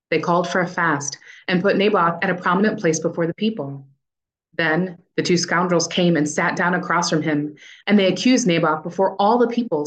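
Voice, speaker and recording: A woman reading a Bible passage aloud as host of a daily reading plan, in a clear, measured way. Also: on the low side. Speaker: scripture reader and podcast cohost.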